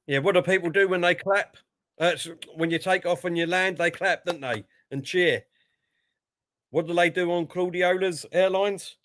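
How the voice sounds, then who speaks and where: Man, high voice, excitable match commentary, dry close sound. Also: moderate pace, dry recording. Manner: excitable, jumps up in pitch when play gets lively. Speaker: co-host giving match commentary. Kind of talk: casual live match commentary and chat.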